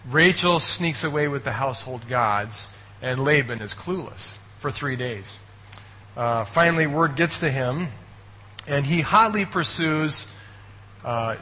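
A man's voice: mid-range voice, sharp tone, slight background noise, poor audio. A man preaching a sermon in a conversational way, often checking in with his listeners and adding wry asides. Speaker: pastor.

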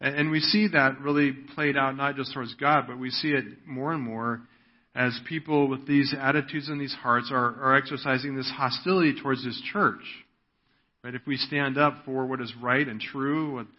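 A man's voice: medium pitch, steady tone, moderate pace. A man preaching a sermon in an earnest way, often checking in with "right?". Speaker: pastor. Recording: dull lo-fi audio.

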